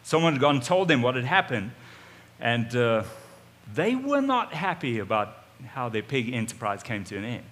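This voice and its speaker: Bright-voiced man telling a sermon story. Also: medium pitch, normal speed. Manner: animated first-person retelling, dramatic shifts in volume. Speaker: pastor. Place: church auditorium.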